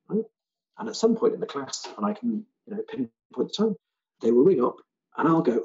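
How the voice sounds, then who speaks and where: A British man, a language teacher trainer, giving an animated online seminar talk and acting out other people's lines. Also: medium pitch, brisk, creaky, muffled recording. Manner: animated, acts out students' and callers' lines.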